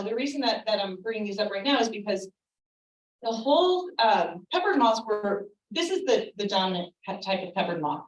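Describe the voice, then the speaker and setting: A woman giving a friendly, chatty talk to a room of parents, with frequent filler ums. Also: a little high. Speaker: speaker at a parent presentation. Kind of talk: informal lecture. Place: meeting room with a live audience. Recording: echoey room, voice from far off.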